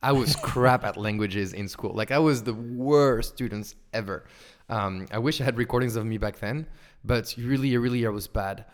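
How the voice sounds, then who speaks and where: A man's voice: mid-range voice, moderate pace. A man in his twenties with a French accent, chatting as an interview guest. He tells stories animatedly, with a mid-range voice, lots of fillers, and repeated false starts. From France. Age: 20s. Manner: animated storyteller, frequent fillers and restarts. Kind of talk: casual interview chat. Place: indoors over wine.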